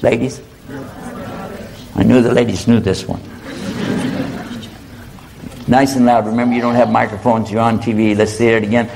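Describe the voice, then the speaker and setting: Gravelly-voiced male Islamic lecturer. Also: mid-range voice, normal speed, long pauses, slight background noise. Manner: humorous, animated, leads audience call-and-response. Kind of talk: lecture with audience Q&A. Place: lecture hall with live audience.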